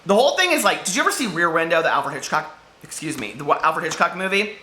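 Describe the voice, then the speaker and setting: A man's voice: on the high side, big pitch swings, quick pace, bright, forceful tone, roomy sound, a little hiss or hum. A man chatting casually about books he read this week, rambling and giggling, overheated in a hot room. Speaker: book vlogger. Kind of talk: casual chat.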